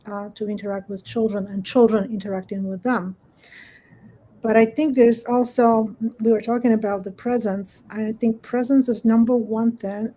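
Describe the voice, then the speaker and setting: A woman's voice: mid-range voice, darkish tone, slight background noise, low-quality recording. A woman guest on a panel who laughs often and restarts her sentences as she talks. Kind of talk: casual panel discussion.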